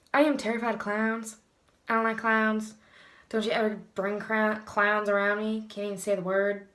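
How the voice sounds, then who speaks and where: A woman's voice: medium pitch, a bit bright, roomy sound. A young woman talking candidly in a casual confessional vlog, blunt and swearing freely. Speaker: vlogger.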